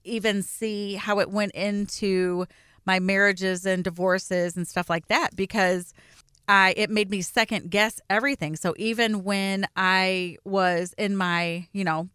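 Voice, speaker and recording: A woman's voice: mid-range voice, steady tone, measured pace, a bit bright, clean tone, no room sound, clean studio sound. A middle-aged woman co-hosting a podcast, telling personal stories candidly and voicing her own anxious self-talk. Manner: candid, confessional storytelling with quoted self-talk. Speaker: podcast co-host. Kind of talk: casual chat.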